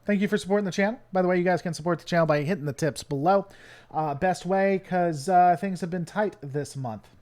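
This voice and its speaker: A man's voice: high voice, brisk, darkish tone. A man from the United States hosting his channel, rambling and joking with lots of fillers in casual live-stream commentary. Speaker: channel host.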